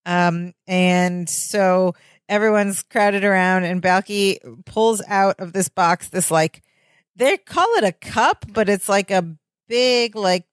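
Woman co-host, chatty recap voice, dry close mic, mid pitch. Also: clear, resonant tone, dry recording. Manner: chatty, fillers and quick asides. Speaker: podcast co-host. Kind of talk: casual chat recapping a sitcom episode.

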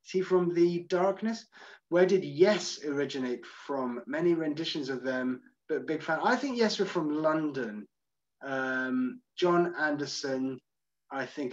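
Chatty male guide on a muffled video call. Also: a little high. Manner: chatty, self-deprecating, answers comments one by one. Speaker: tour guide. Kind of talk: live Q&A reading audience comments.

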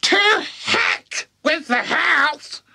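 A man's voice: very high voice, animated, drawn-out words, creaky, sharp tone, voice pushed up, full character voice. A man reading an audiobook, voicing a wild, greedy old grandmother who screeches and shrieks her lines. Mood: demanding. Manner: shrieking, giddy, demanding.

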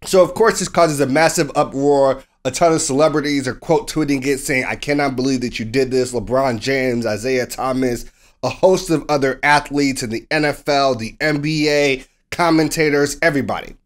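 A man co-hosting a sports podcast in casual chat, telling the story with animated delivery and acting out what people said. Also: medium pitch, moderate pace. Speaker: podcast co-host.

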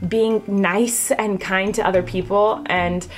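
A woman in her twenties chatting casually to camera in a vlog, bubbly and animated, with her pitch jumping up when excited. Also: slow, soft background music. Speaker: vlogger.

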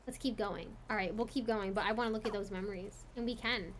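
A woman streaming live gameplay, excitable, gasping often and swearing in delight as she plays. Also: mid-range voice, quick pace, background noise. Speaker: gaming streamer. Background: game music.

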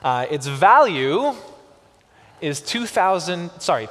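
A man preaching a sermon as pastor, with expressive delivery and slow, emphatic pauses on key words. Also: a little high. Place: church sanctuary. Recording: long church reverb.

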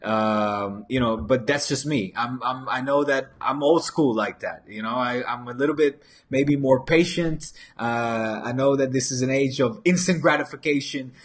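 Husky man chatting on a football stream. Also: medium pitch, measured pace. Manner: casual, rambling, many restarts and fillers, slips into Spanish phrases. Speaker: football channel host. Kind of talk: live-stream football chat reading viewer comments. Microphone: desk microphone.

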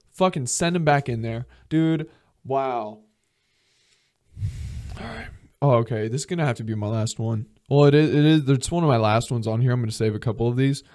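A young man hosting a podcast, ranting comedically with lots of swearing and quick acted-out mock dialogues. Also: medium pitch, darkish tone. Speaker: podcast host. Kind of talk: comedic solo rant.

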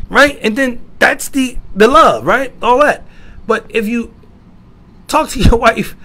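A man giving an emphatic sermon-style lecture, asking rhetorical questions and swinging from loud to quiet. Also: very high voice, expressive, slow. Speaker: lecturer at an Islamic institute.

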